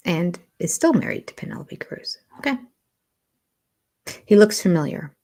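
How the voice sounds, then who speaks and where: Here a reality TV livestream host, an older woman, streams informally from her house with a lowish, expressive voice at ordinary speed. Reading comments from viewers, she talks things through aloud and keeps dropping into quiet, half-whispered asides.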